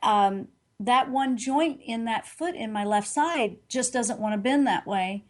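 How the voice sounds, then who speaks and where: A middle-aged woman talks as a guest in an interview. Her voice sits a little high, and she tells her story earnestly and animatedly. She often restarts and corrects herself as she goes. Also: measured pace. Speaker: guest, intuitive reader.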